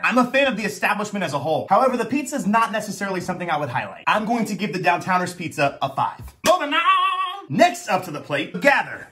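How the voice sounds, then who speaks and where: In this cheerful food vlog, a young male host reviews pizza, joking around and announcing things dramatically between mouthfuls. His voice is high and has a fairly bright tone.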